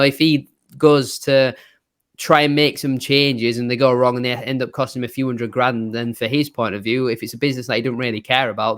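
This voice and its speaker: Fast-talking young man hosting a football chat. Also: mid-range voice. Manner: fast-talking, frustrated opinions. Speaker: host of a football fan channel. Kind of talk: casual fan discussion.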